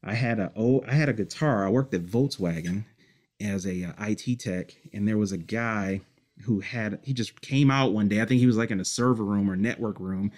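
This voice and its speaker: A man from Detroit, a musician guest, telling childhood memories in a relaxed, rambling interview, with many fillers and short laughs. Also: on the low side, moderate pace. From Detroit, United States. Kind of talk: casual storytelling interview.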